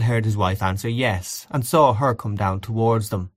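A man narrating a story aloud in a measured, expressive audiobook reading. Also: on the low side, dry recording, studio quality.

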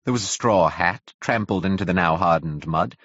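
Deep, husky male audiobook narrator. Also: normal speed, fairly bright tone, no room sound. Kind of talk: scripted narration of a classic novel. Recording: dull, dry audio.

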